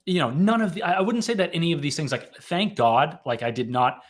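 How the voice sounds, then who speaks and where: A man's voice: on the high side, sing-song, fairly quick. Rambling man telling his story. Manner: rambling, self-correcting, frequent "right?" tags. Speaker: author and mental health advocate guest. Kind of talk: casual interview storytelling.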